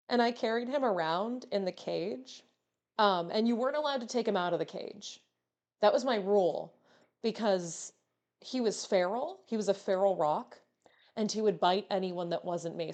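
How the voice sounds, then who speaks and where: Animated, teasing woman streamer. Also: medium pitch. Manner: playful, teasing, swears freely. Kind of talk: casual live-stream chat.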